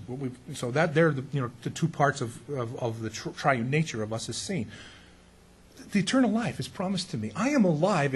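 A man's voice: on the high side, breathy edge. A middle-aged male pastor preaching a sermon in a folksy, sarcastic style with indignant outbursts.

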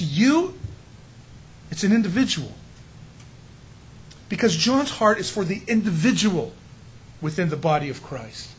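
A man's voice: sits high, fairly bright tone, a little hiss or hum, rough recording. A middle-aged male pastor preaching a sermon in an emphatic, conversational way, often asking the congregation rhetorical questions.

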